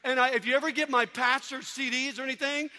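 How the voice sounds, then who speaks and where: A man giving an energetic sermon testimony to a crowd, animated and often shouting. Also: very high-pitched, fast talker. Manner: animated, shouting, mimicking people. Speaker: preacher. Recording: long hall reverb.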